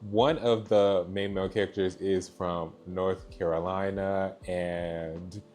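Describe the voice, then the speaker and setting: Chatty low-voiced man reviewing books. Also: fairly even intonation, slow pace, a little mellow. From Georgia, US. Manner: chatty, gushing, repeats "so yeah". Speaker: book reviewer. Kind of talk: casual book review chat.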